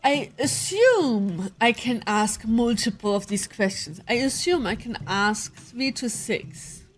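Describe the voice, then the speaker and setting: A woman's voice: a little high, expressive, takes it slowly, faint music behind. A woman playing a story game, reading its narration aloud and adding chatty asides of her own. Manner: chatty asides between read-out passages. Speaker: game player. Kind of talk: let's play commentary, reading game text aloud.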